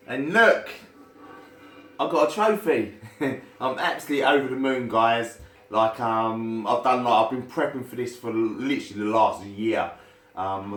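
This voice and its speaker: A man talking in a casual, excitable and heartfelt thank-you vlog as a bodybuilder. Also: fairly low pitch. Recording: roomy echo.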